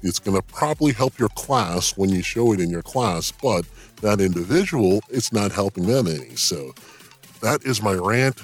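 A man's voice: on the low side, expressive, moderate pace, soft background music. A man guest-hosting a podcast, talking casually and ranting bluntly with profanity and laughing asides. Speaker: guest host. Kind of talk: casual podcast monologue and rant.

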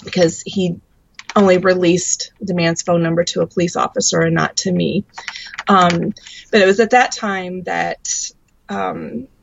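A woman guest sharing her testimony as a mother, earnest and halting with many ums. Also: on the low side, fairly even intonation, creaky, a little hiss or hum. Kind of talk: faith testimony in an interview. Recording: dry, dull lo-fi sound.

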